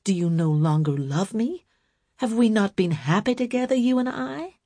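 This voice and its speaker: A woman voicing a stern, possessive older woman who speaks with sharp resentment in a storybook reading. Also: medium pitch, lively intonation, moderate pace, dry recording, studio quality, voice pushed up. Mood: resentful.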